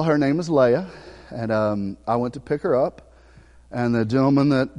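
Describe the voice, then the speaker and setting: A middle-aged man with a Southern US accent preaching a sermon, telling a folksy personal story and swinging from loud preaching to soft, hushed asides. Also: mid-range voice, long reverb tail. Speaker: pastor. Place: church sanctuary.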